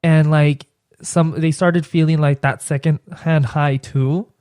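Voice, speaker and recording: A man's voice: on the high side, fairly even intonation, slow, darkish tone, clean tone, no room sound, clean studio sound. A young man with a Mexican accent, a podcast guest chatting casually and often hesitating and repeating himself. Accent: Mexican Spanish. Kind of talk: casual chat.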